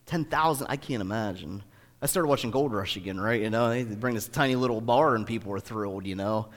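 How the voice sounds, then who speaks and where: A man preaching a sermon in a conversational style, swinging between booming emphasis and hushed, intimate asides. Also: fairly quick. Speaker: pastor. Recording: echoey hall.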